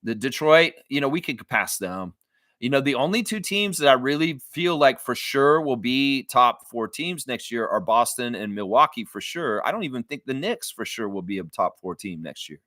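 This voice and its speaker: A man's voice: mid-range voice, moderate pace, dry recording. A man hosting a casual live basketball reaction stream, talking loosely, swearing freely and acting out what others said. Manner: animated, swears freely, acts out quotes. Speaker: sports fan livestream host.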